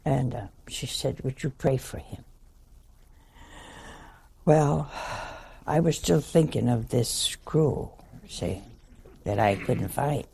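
A woman's voice: rumbling low, slow, creaky, pauses often, mellow. An older woman, a nun, telling a funny story in a wry, folksy, chuckling way. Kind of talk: humorous anecdotal storytelling talk.

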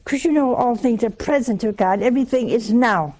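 A woman giving a sermon, telling homely stories with humor and slow, drawn-out emphasis. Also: on the high side, a little mellow. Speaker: religious speaker.

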